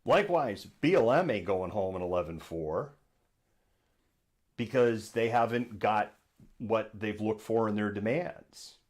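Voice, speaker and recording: A man hosts a live political commentary stream from his home studio, with a somewhat low voice. His delivery is sarcastic and animated, and he keeps breaking into mocking impressions of people he disagrees with. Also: a little slow. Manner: sarcastic, acts out imagined voices. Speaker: host of a live political news show.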